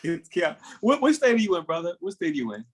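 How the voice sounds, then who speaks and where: Animated joking man hosting a podcast. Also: high-pitched, fast talker. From Miami. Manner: animated, joking, laughs often. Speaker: podcast host. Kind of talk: casual podcast conversation.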